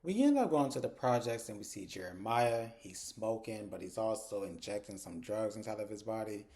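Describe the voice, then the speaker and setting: Mellow-voiced man recapping a TV episode. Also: lowish voice, moderate pace. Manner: animated retelling, slips into characters' lines, profane. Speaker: TV episode reviewer. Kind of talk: casual recap chat.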